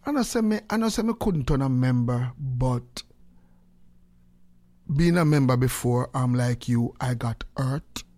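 A man's voice: mid-range voice, animated, unhurried, warm tone, dry recording. A man with a Jamaican accent giving emphatic commentary in patois, repeating his points for effect.

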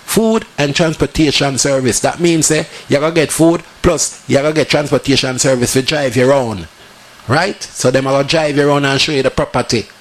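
A man with a Jamaican accent, hosting on radio and reading sponsor ads in animated, repetitive sales patter. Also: medium pitch, moderate pace. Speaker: radio host. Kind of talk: ad reads in patois.

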